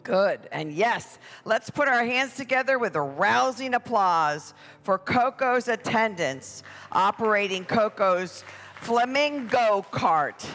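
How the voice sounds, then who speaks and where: A parade announcer emceeing a church event for families in a playful, drawn-out way. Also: medium pitch, lively intonation, a bit bright. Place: church hall. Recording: echoey hall with music behind.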